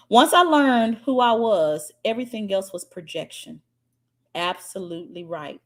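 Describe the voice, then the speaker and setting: A woman's voice: mid-range voice, lively intonation, normal speed. A woman spiritual coach, giving a profane, dramatic motivational talk and reading out viewer comments. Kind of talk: live-stream motivational talk.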